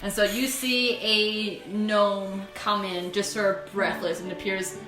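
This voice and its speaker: A woman's voice: medium pitch, level tone, slow pace, sharp tone. Chatty woman game master, roomy room. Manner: chatty, loose narration with many fillers. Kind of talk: narrating a tabletop game. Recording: roomy room with music behind.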